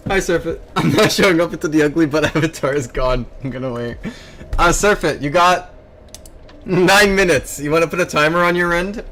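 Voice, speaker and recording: A young man chatting casually on a stream, excitable and quick to laugh and slip into silly voices. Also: a little high, a little hiss or hum. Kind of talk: casual stream chat while drawing.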